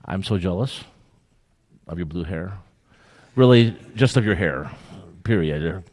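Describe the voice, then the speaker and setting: A man's voice: deep voice, expressive, unhurried, darkish tone. A man working as a guest clinician, giving live feedback to a student orchestra in an encouraging, playfully teasing way.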